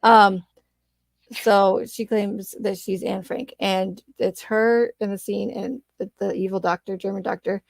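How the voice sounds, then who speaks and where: A woman's voice: medium pitch, steady tone, unhurried, vocal fry, dry recording. A woman hosting a casual livestream chat, telling stories animatedly with fillers and frequent laughs. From Arizona. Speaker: channel host.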